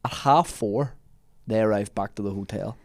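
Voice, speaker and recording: A man hosting a comedy podcast, telling an animated anecdote in casual chat and laughing often. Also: fairly low pitch, normal speed, dry recording.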